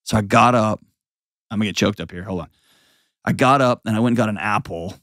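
A man's voice: fairly low pitch, a little fast, no room sound, clean studio sound. A man hosting an advice show, talking bluntly and animatedly, slipping into mocking voices. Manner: blunt, animated, mimics voices mid-sentence. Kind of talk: casual advice talk.

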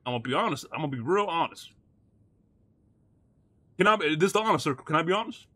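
A man's voice: fairly high pitch, lively intonation, quick pace, sharp tone. A man role-playing a prison gang boss in game voice chat, talking brash street slang and barking orders.

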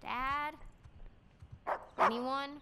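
A curious, cheerful teenage girl in a story game. Her voice sits fairly high and her words come slowly and easily. She teases lightly and sounds at home. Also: steady tone, bright, forceful tone, slight background noise, exaggerated voice. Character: curious young teen girl, cheerful daughter. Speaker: video game character.

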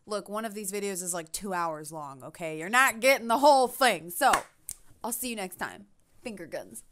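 A woman gaming YouTuber giving chatty, excitable let's play commentary, reading game text and reacting aloud. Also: mid-range voice, moderate pace, clear, resonant tone. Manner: chatty, excitable, laughs often.

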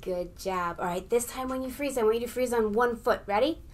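A librarian reading a picture book aloud to young children and leading them in a game. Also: female voice, on the high side, fairly even intonation, fast, loud music behind the voice. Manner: warm, encouraging, talks to young kids.

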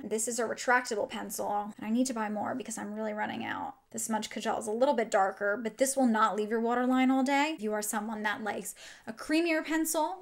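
A woman with a slightly high voice hosts a casual beauty vlog, reviewing makeup products. She talks in a chatty, enthusiastic way and walks the viewer through each item as she demonstrates it. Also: creaky. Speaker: beauty vlogger.

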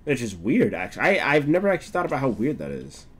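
A young man giving casual live commentary over a game, voice swinging all over the place in pitch. He laughs, curses freely and jumps from mumbling asides to loud yelps. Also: fast talker, breathy edge. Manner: swears a lot, laughs, excitable outbursts. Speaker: streamer.

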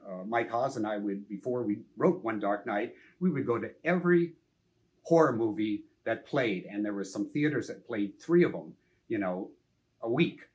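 An older man, a film director, telling anecdotes in a casual interview, lively and full of "you know" and the odd curse. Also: mid-range voice. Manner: animated, anecdotal, frequent "you know", some swearing.

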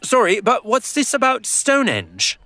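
A man's voice: very high voice, huge pitch swings, moderate pace, sharp tone, no echo, exaggerated voice. A man playing an eager, long-winded Isaac Newton in a children's audio drama. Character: Isaac Newton, eager know-it-all 17th-century scientist. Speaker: character actor.

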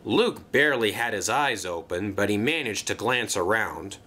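A man's voice: fairly low pitch, animated, moderate pace, bright, forceful tone. A man narrating a children's toy-train story expressively.

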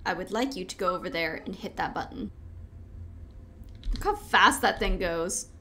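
A woman's voice: fairly low pitch, lively intonation, moderate pace, sharp tone, slight background noise. A woman playing a horror video game, chatting to the game as she goes and crying out in panic when it frightens her. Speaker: gaming video host.

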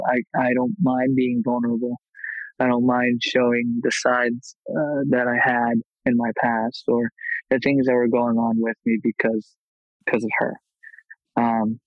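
A man in his thirties, a martial arts instructor, telling his life story openly in a casual podcast interview, animated when he retells scenes. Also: mid-range voice, moderate pace, dry recording, highs cut off.

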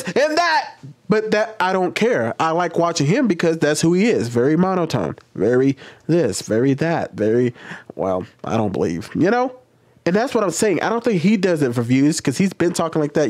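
A man hosting his own channel, giving casual commentary to camera in an animated, passionate way. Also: fairly high pitch. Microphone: webcam.

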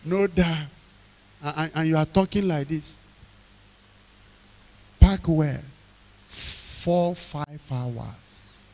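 A man preaching an evening sermon, emphatic, repeating key phrases, questioning the congregation and bursting into loud shouted lines. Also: fairly high pitch, extremely slow, gravelly, long pauses.

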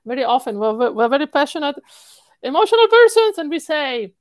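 In a dry recording, a woman with a high voice and an Italian accent talks a little fast. She is a singing coach answering interview questions with animation, laughing frequently and repeating words for emphasis.

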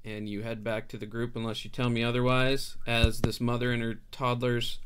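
Man, young adult, game master, mid-pitched, loose chatty narration. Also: little pitch movement, moderate pace, hardly any pauses, a bit bright, clear, resonant tone. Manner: loose, laughing narration with fillers.

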